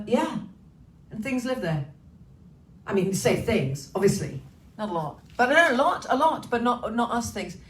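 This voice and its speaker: Cheeky, swearing woman in an echoey room. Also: medium pitch. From Wales. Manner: chatty, cheeky, swears freely. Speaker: singer hosting a livestream. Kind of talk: casual chat greeting viewers. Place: her home. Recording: roomy echo, slightly distant mic, faint hiss.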